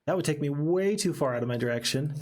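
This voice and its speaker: A man's voice: fairly high pitch, fast talker. Chatty man streaming a strategy game. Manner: chatty, animated, reads chat aloud. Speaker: gaming streamer. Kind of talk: casual let's-play commentary. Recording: faint game music behind.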